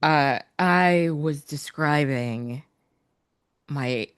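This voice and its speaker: A woman co-hosting a podcast in casual chat, wry and quick to laugh, swearing offhandedly. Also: deep voice, clean tone, no echo, studio quality. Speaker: podcast co-host.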